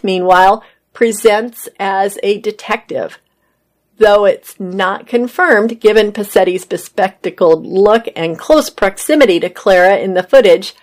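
A woman reading entertainment news articles aloud as a host, adding casual asides of her own. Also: medium pitch. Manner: reads articles then adds casual personal comments.

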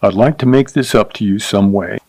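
A man's voice: on the low side, a little fast, darkish tone, dry recording. A man voicing a meek young cowboy who speaks apologetically and pleads in a storybook reading. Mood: apologetic.

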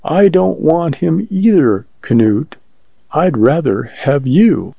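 Frightened young woman, high and pleading, read by a male narrator; muffled lo-fi sound. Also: animated, takes it slowly, creaky, husky, no room sound, heavily acted. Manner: pleading, fearful. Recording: dull lo-fi recording.

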